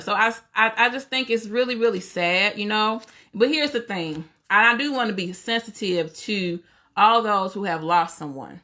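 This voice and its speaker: Bright-voiced woman ranting on a livestream. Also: on the high side. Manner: opinionated, full of rhetorical questions. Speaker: livestream host. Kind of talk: casual livestream commentary.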